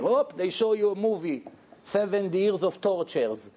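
Animated male rabbi telling a story. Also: high voice, moderate pace. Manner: animated, addresses the audience with questions. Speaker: rabbi giving a lecture. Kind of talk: storytelling sermon. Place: lecture room with audience, indoors.

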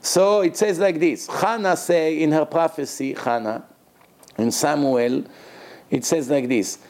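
A man's voice: a little slow, darkish tone. Man giving a religious lecture. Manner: storytelling, acts out quoted dialogue with rising pitch.

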